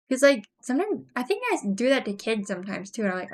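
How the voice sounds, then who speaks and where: A woman's voice: fairly high pitch, fast, few pauses. Giggly young woman chatting on stream. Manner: giggly, rambling, lots of "like" fillers. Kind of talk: casual live-stream chat while crafting.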